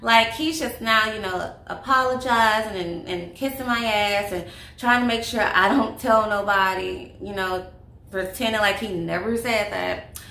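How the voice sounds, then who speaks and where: A woman's voice: medium pitch, a little slow, pushed and bright. A young woman chatting through a casual story-time vlog, confiding and full of fillers, recorded in an echoey room with faint noise. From Louisiana, US. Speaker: vlogger.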